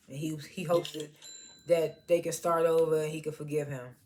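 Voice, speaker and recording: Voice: mid-range voice, little pitch movement, moderate pace, darkish tone. A TV reviewer casually recapping an episode in loose, slangy storytelling and chuckling at the scenes. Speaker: TV show reviewer.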